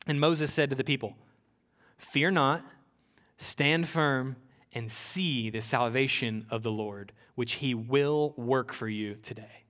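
A man preaching a sermon in an earnest, conversational way, often repeating words and pausing with fillers. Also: mid-range voice, a bit bright, long reverb tail. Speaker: pastor. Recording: music playing clearly behind the voice.

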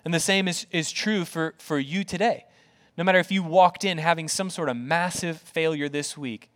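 Speaking on the high side, a male pastor preaches with earnest, conversational warmth; he leans on rhetorical questions and repetition and lowers to a gentle, quiet voice when the point turns tender.

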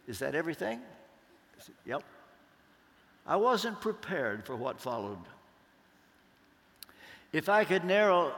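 A man preaching a sermon, slow and deliberate, leaning on emphatic pauses. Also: a little high, a bit bright. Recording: long hall reverb.

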